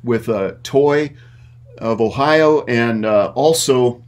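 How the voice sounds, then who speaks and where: A middle-aged man talking about his mentors in a casual interview. He rambles and fills his pauses with uh and um. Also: medium pitch. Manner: rambling with many fillers. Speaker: guest, puppet maker.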